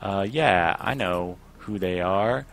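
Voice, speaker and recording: Low-voiced sarcastic male gamer. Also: slow, creaky. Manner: sarcastic, reads game dialogue aloud in a lightly raised voice. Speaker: gaming video host. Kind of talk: casual let's-play commentary.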